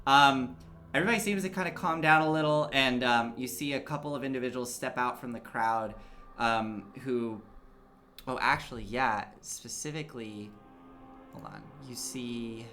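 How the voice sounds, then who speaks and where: A male game master narrating a tabletop game in a loose, chatty way, stopping often to hunt for words. His voice is bright and at a middle pitch, with faint background noise. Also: moderate pace. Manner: casual narration, many fillers.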